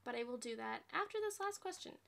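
A woman hosting a casual question-and-answer vlog, rambling, self-deprecating and quick to apologize. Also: a little high, animated, gravelly, fairly bright tone. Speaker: channel host answering fan questions.

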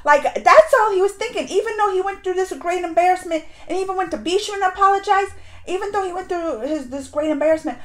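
A woman giving a casual, emotional reaction review of a TV series, rambling with many restarts and swinging between hushed and loud. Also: very high-pitched, quick pace. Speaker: show reviewer.

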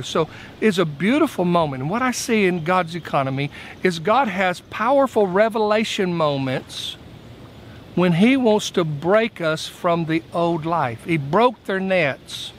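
A man's voice: sits high, lively intonation, a little slow, slight background noise. A man, a pastor preaching a midweek sermon in an earnest way, his voice rising for emphasis.

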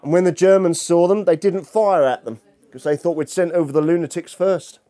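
A man's voice: fairly high pitch, fairly even intonation, fairly quick, mellow. A man lecturing as a historian to an audience, humorous and chatty, bantering with the room. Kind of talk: lecture with jokey asides.

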